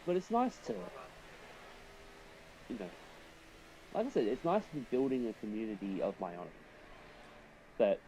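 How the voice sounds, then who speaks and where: Guy streaming a racing game, chatty, thinks out loud, mellow warm voice, faint hiss behind. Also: mid-range voice, wildly swooping pitch, moderate pace, pauses often, rough recording. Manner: chatty, thinking aloud, talks to chat. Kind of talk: casual live commentary while racing.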